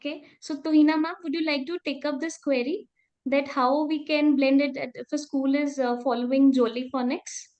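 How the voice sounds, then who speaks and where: Woman presenter, high voice, earnest and repetitive explainer on a call. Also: steady tone, normal speed, a little mellow, dull audio. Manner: earnest, repeats herself while explaining. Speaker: session presenter. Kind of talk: answering questions in an online training. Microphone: video call.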